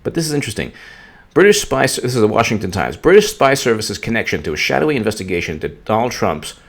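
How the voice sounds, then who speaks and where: A man with a low voice talks through political commentary in a loose, rambling way. His pitch swings widely, he turns sarcastic, and he often stumbles and restarts mid-sentence. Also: big pitch swings, fast talker. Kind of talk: casual political commentary vlog.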